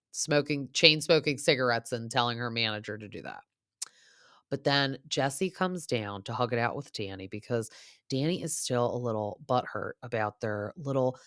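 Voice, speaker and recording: A woman's voice: very deep voice, a bit bright, no echo, clean studio sound. A young adult woman hosting a podcast, chatting casually and rambling with lots of fillers. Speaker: podcast host. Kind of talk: casual recap chat.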